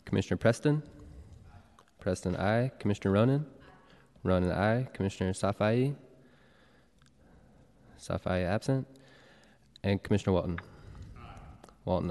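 A male clerk calling the roll and reading procedural announcements in a city hall chamber, even and formal. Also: low-pitched, moderate pace, pauses often. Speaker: board clerk. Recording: long reverb of a large chamber.

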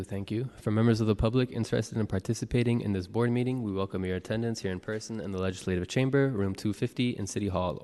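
A man serving as clerk, reading the roll and announcements briskly. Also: lowish voice, a little mellow. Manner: brisk and procedural. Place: city hall chamber. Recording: long reverb of a hall.

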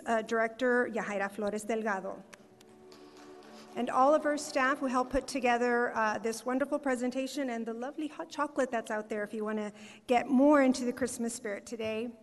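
Speaking fairly quickly in a slightly high voice, a woman delivers a formal welcome speech as a city communications director. She's upbeat, reading names with little fillers, and the performing arts center hall gives a long reverb.

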